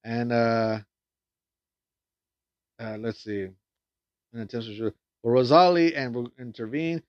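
A man talks through a film's plot in a loose, rambling way, stumbling over restarts and tossing in swear words. His voice sits at an ordinary middle pitch. The recording is dry and dull, with a lo-fi edge. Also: steady tone, unhurried, dry recording. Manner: rambling, full of fillers and restarts, swears often. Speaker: film reviewer. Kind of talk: casual plot recap and review.

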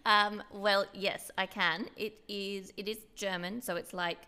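A woman's voice: medium pitch, fairly even intonation, a little slow, pushed and bright, clean tone. A woman from Austria with a Queensland Australian accent, co-hosting a podcast in chatty casual talk and laughing often. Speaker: podcast co-host.

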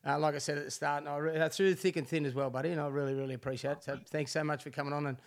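A man's voice: a little high, fairly even intonation, racing. An Australian man hosting a podcast, chatting casually with lots of "mate" and easy laughter. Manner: laid-back, matey, laughs often, many fillers. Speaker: podcast host. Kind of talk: casual interview chat.

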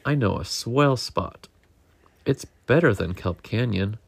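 A man's voice: mid-range voice, animated, takes it slowly, gravelly, breathy edge, no room sound, full character voice. A man reading a storybook and voicing a big, friendly, proud male shark in a hearty tone. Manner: hearty, calls everyone mates.

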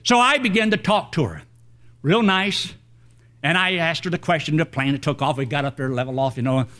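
An older man preaching a sermon, telling a personal story in a folksy, animated way. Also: on the high side, moderate pace.

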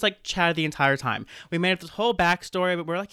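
Lively bright-voiced man from Maine. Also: high-pitched, a little fast, few pauses, clear, resonant tone, no echo, clean studio sound. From Maine, United States. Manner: animated storytelling, laughs often. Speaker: podcast guest, band director. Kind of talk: casual podcast chat.

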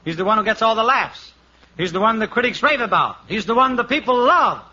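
A man's voice: high-pitched, expressive, a little fast, bright, forceful tone, a little hiss or hum. A man playing the patient straight man in 1940s radio comedy. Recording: dull lo-fi old radio recording.

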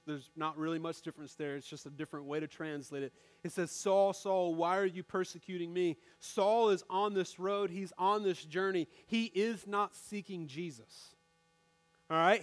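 High-voiced young man preaching a sermon. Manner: conversational preaching that talks straight to the congregation. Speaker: pastor. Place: church room with a congregation.

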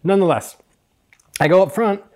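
A man's voice: high voice, brisk, a little mellow. A young man casually telling a self-deprecating anecdote, acting out the voices of people in it. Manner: chatty, self-deprecating, acts out quoted voices. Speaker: hairstylist podcast host.

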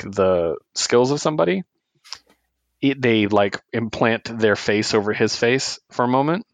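A man co-hosting a comic book podcast, retelling a story in a casual, animated way and laughing often. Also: on the low side, no room sound. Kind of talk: casual chat.

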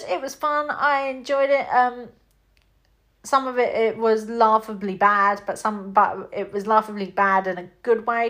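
A woman's voice: a little high, a bit bright. A woman with a British accent giving a chatty, rambling film review, full of fillers and acted-out reactions. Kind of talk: casual spoken film review.

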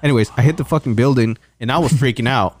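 A man's voice: mid-range voice, quick pace, dry recording. A man on a casual podcast, telling a long work story with lots of swearing and restarts. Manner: rambling storyteller, swears a lot, restarts often. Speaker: podcast co-host. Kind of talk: casual chat.

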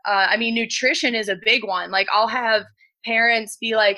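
A woman's voice: a little high, steady tone, normal speed, pushed and bright, low-quality recording. A woman strength coach talking casually as a podcast guest, with many "like" fillers.

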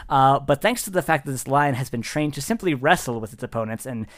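Giggly, rambling GM narrating a tabletop game, animated delivery. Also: medium pitch, quick pace. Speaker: game master.

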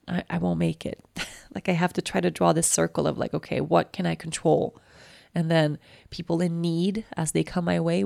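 A woman's voice: on the low side, gravelly, darkish tone, no room sound. A woman in her thirties hosting a personal podcast, talking candidly and emotionally with many fillers, close to tears. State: near tears. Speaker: podcast host.

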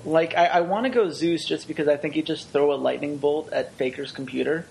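A man co-hosting an esports podcast, chatting casually with quick, wry jokes. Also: fairly high pitch, steady tone, vocal fry, darkish tone, a little hiss or hum, poor audio.

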